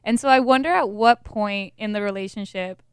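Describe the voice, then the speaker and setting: A young woman co-hosting a podcast, telling things in an animated, giggly way. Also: mid-range voice, moderate pace, smooth, no echo, clean studio sound. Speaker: podcast co-host. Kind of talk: casual chat.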